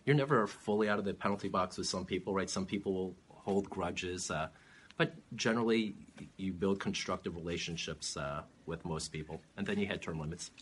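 A man running for office, answering interview questions in a measured, steady way with frequent "uh" fillers. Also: low voice, slight background noise. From California. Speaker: political candidate.

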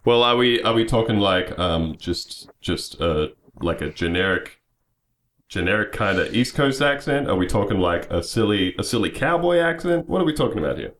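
A man's voice: fairly low pitch, animated, normal speed, fairly bright tone. An Australian man with an Australian accent, chatting casually as a guest with dry, wry humor. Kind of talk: casual chat.

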